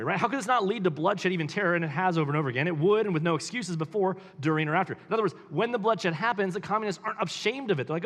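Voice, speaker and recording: A man's voice: high voice, fairly bright tone, long reverb tail. A man reading a book aloud and commenting on it, with emphatic rising questions between quotes. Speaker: pastor.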